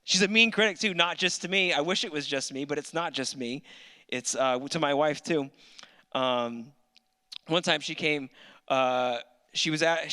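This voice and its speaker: Man, 30s, stand-up comic; bright, forward voice, dry self-deprecating delivery, live club mic. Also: mid-range voice, normal speed, smooth. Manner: dry, self-mocking storyteller. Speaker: stand-up comedian. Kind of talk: stand-up set. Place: comedy club stage.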